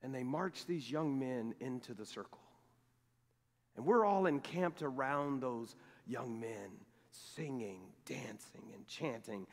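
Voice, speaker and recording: A middle-aged male pastor preaching a sermon, telling a personal story in a lively way and acting out the dialogue. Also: mid-range voice. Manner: animated storytelling, acts out quoted dialogue. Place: large church sanctuary. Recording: long reverb of a church sanctuary.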